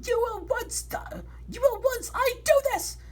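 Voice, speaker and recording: A woman reading a storybook aloud and voicing a gloating, vengeful female villain with a high, drawn-out delivery. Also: darkish tone. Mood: furious.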